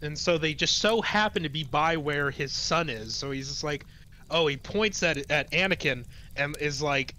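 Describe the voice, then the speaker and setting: A man's voice: a little high, normal speed, pushed and bright, slight background noise. A man co-hosting a casual movie review podcast, loosely retelling the plot with fillers and the odd swear. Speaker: podcast co-host.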